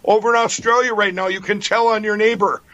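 A man's voice: high voice, steady tone, a little fast, bright, forceful tone. A man giving a heated, emphatic political rant, repeating his points. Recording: dull lo-fi clip.

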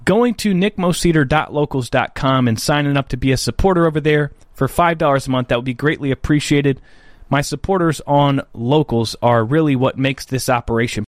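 A hoarse man hosting a political commentary show, talking bluntly with lots of fillers. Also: a little high, no room sound, clean studio sound. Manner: blunt, rambling, frequent fillers. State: hoarse, coughing. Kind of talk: casual commentary.

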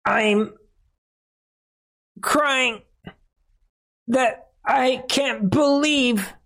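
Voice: medium pitch, a bit bright, pitched above the performer's own voice, rough recording. A commentator putting on the voice of a remorseful woman lawyer, mock-sobbing in a whiny, exaggerated way. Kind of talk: mocking impression.

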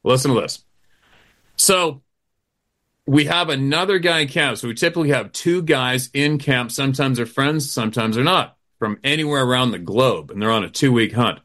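Middle-aged male hunting guide, swears freely, acts out quotes, forceful tone. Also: medium pitch, moderate pace. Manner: animated, profane storytelling with acted-out quotes. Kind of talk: casual chat.

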